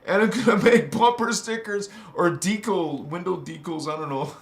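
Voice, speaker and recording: A man hosting a casual spiritual livestream from his bedroom. He laughs a lot and talks in animated street slang. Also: high voice, moderate pace, roomy sound. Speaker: livestream host. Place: bedroom, on a squeaky bed.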